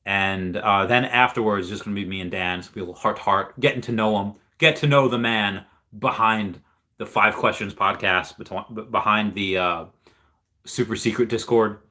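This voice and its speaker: This upbeat young man hosts a casual livestream, wandering from topic to topic and reading out comments from his chat. He speaks at an ordinary pace in a lowish register, with a bright, forceful tone.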